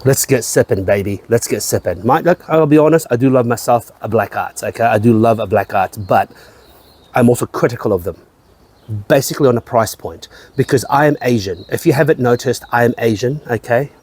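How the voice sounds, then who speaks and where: A man's voice: mid-range voice, fairly quick, a little mellow, slightly rough. A man reviewing whisky in a casual chat, rambling, repeating his phrases and swearing now and then. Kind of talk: casual tasting-note chat.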